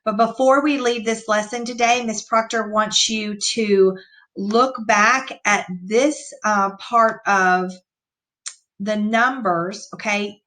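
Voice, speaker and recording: A woman teacher giving an online reading lesson to young children, reading sentences aloud slowly and patiently. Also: mid-range voice, fairly even intonation, a bit bright. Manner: slow, clear, patient read-aloud.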